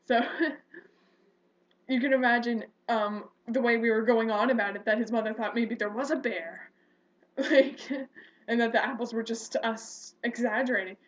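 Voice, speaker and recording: A woman's voice: a little high, moderate pace. Rambling young woman telling a story. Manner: animated, rambling, with fillers and self-corrections. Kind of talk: casual storytelling. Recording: dull lo-fi recording.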